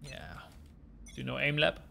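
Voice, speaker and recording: A German-accented man streams a shooter game, chatting loosely with teammates and viewers in two languages. His voice has a gravelly edge. Faint game noise sits behind him. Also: mid-range voice, moderate pace. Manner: relaxed, joking, talks to teammates and viewers. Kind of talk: casual gaming chat switching between English and German.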